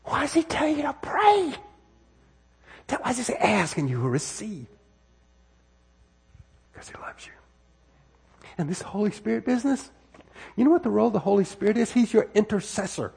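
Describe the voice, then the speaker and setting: A high-pitched American man preaches in a church through a worn microphone, his voice husky. His delivery swings widely in pitch as he asks the congregation question after question and circles back over his own phrases. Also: sing-song, a little fast, darkish tone. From United States. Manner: conversational preaching with frequent rhetorical questions and repetitions. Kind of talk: sermon. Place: church sanctuary. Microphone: wireless microphone worn on body.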